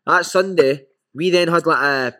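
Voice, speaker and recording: A man with a Scottish accent, a former footballer and podcast guest, telling lively stories and calling the listener "mate". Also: fairly high pitch, unhurried. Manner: animated anecdotes with frequent "mate". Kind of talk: casual storytelling.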